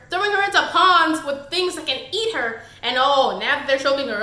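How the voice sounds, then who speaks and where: A woman's voice: high-pitched, expressive, moderate pace, hardly any pauses, bright, forceful tone. A woman reviewing a book on her channel, exasperated and sarcastic in her critique. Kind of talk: casual book review vlog. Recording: echoey room.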